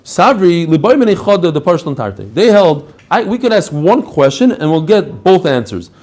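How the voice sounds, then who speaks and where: A man teaching a lively Talmud class, mixing in Hebrew and Aramaic terms and acting out the rabbis' answers. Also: sits high, normal speed. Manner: animated, mixes Hebrew and Aramaic terms, acts out quoted answers.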